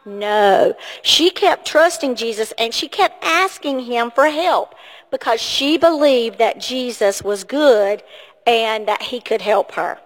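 A woman's voice: on the high side, lively intonation, takes it slowly. A woman giving a children's sermon in a church, asking the kids lots of questions in an encouraging way. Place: church sanctuary. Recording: long hall reverb.

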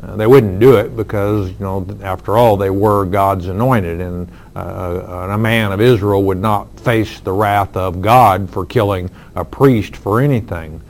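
Slow, low-voiced male preacher. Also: fairly even intonation. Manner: earnest, slow, with fillers and emphatic lines. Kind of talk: expository sermon.

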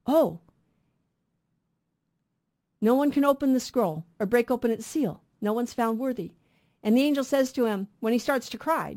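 A woman's voice: fairly high pitch, a little mellow. A middle-aged woman co-hosting a radio Bible program, teaching earnestly and asking rhetorical questions.

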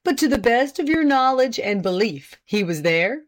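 A woman voicing a formal male prosecutor who questions a witness deliberately and pointedly. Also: on the high side, big pitch swings. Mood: probing.

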